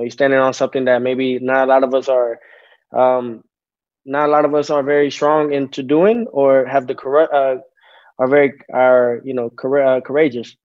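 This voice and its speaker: A man in his twenties answering interview questions over a video call, halting, with many fillers and restarts. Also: mid-range voice, a little mellow, dull audio. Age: 20s. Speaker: interview guest, athlete.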